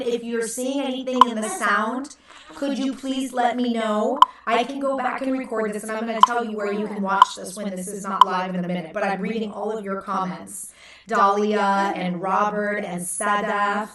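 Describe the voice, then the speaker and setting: A woman in her thirties hosts a casual live stream from home, chatty and playful as she coos at her baby. Her fairly high voice is far from the computer mic in an echoey room, and the recording is very noisy.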